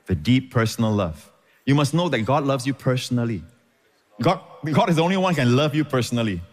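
A man's voice: mid-range voice, expressive, a little fast, darkish tone, in a large hall. A man preaching a sermon as pastor, emphatic and repeating phrases for stress.

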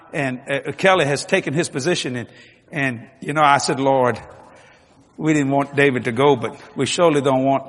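A man preaching a sermon with jokes, swinging from low murmurs to loud shouts. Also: husky. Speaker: pastor. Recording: long hall reverb, faint ambience.

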